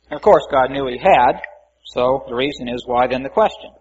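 A man's voice: mid-range voice, normal speed, a little mellow, husky. A man preaching a conversational Bible-teaching sermon, reading scripture aloud and adding folksy asides. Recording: muffled lo-fi recording.

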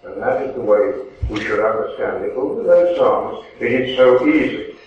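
Man, lay preacher, measured and earnest, mid-pitched; distant, boomy, phone-thin recording. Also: expressive, a little mellow. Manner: measured, earnest, repeats words for emphasis. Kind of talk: Bible talk to a congregation. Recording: distant, echoey, phone-like, faint hiss.

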